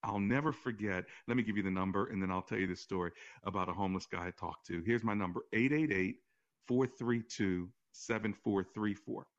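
A man who is a pastor, hosting a call-in faith talk show and telling stories in an animated way, his voice often jumping higher. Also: a little fast, lo-fi sound. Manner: animated storytelling with sudden rises in pitch. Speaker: pastor and radio show host.

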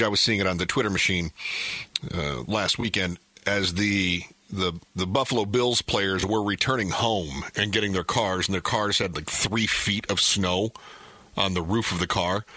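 A man's voice: fairly low pitch, bright, forceful tone, no echo. A middle-aged man from northern Michigan, hosting and chatting casually, rambling with many fillers. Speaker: radio show host. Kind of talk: casual chat.

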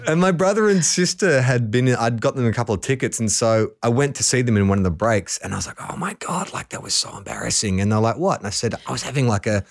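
A man's voice: mid-range voice, fast, hardly any pauses, no echo, studio quality. A man, a podcast guest telling rambling, self-deprecating stories in casual chat.

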